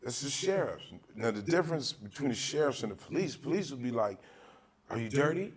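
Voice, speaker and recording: Husky and mid-range, his expressive voice moves fairly quickly as he tells stories on his podcast. The host, from Altadena in Southern California, keeps it casual and profane, acting out the people he mentions.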